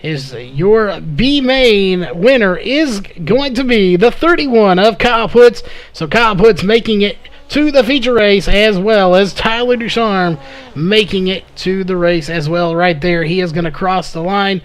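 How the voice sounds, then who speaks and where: A man calling a live race play-by-play, slightly hoarse from losing his voice, with frequent "uh" fillers. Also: high-pitched, a little slow. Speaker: race commentator.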